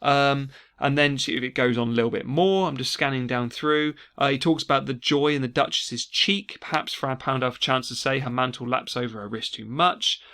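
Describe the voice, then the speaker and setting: A man teaching an exam revision lesson, explaining steadily and slowing down to stress key words. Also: medium pitch, sharp tone. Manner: explanatory, repeats key words slowly for emphasis. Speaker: English teacher.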